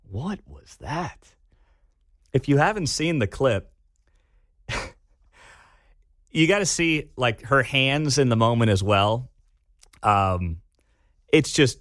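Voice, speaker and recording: A man hosting a talk radio show, giving animated, sarcastic commentary from a studio. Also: on the low side, no echo.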